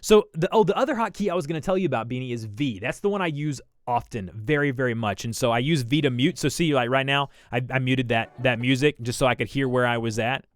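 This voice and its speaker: A man's voice: medium pitch, fast talker, few pauses, no room sound, clean studio sound. A young man with a Southern American accent, chatting casually with viewers on a livestream while he edits video, rambling and restarting his sentences. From Southern United States. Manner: chatty, thinks aloud, frequent restarts and fillers. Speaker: livestream host.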